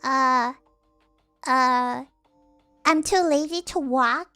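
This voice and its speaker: Very high-voiced rambling female streamer. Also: extremely slow, sharp tone, soft background music. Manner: rambling, giggly, many restarts and fillers. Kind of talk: casual chat.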